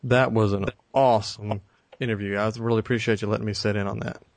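A man with a fairly low voice chats as co-host on a gaming podcast. He sounds upbeat and easygoing and often calls things cool. The recording is dry, with little room sound. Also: steady tone, fast, vocal fry, no room sound. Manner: enthusiastic, easygoing, says cool a lot. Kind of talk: casual chat.

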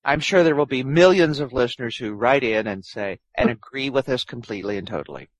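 A man's voice: medium pitch, lively intonation, fairly quick, poor audio. A man co-hosting a casual gaming chat, joking and laughing often. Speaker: podcast co-host.

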